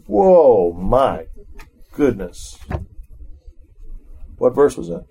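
Speaking slowly with frequent pauses and a breathy edge, a middle-aged man with an ordinary mid-pitched voice runs a relaxed Bible study. He alternates between reading scripture aloud and talking it through conversationally with his listeners.

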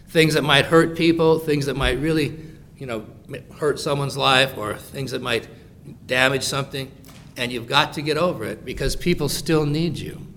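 A man's voice: mid-range voice, slight background noise. A man preaching a sermon, explaining a Bible passage in casual modern words and acting out the quoted lines. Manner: animated, acts out quoted lines in voices.

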